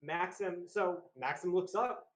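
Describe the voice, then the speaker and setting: A man with a somewhat high voice plays in a tabletop game and describes his character's actions in the third person. His voice rings in a roomy, echoey space. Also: unhurried, fairly bright tone. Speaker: player. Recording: echoey room.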